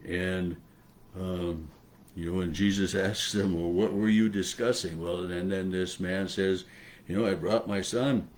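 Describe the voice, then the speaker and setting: A man, a pastor, giving a loose daily devotional on a Bible passage, halting and thoughtful, full of fillers and restarts as he muses aloud. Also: low-pitched, steady tone, darkish tone, a little hiss or hum.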